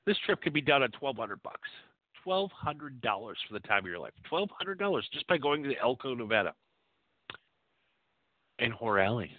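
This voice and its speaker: A man's voice: mid-range voice, moderate pace, long pauses, no echo, phone-quality sound. Crude rambling guy hosting a call-in, up and down a lot, dry phone-ish sound. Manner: profane, rambling and animated. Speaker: call-in show host. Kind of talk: crude casual call-in talk.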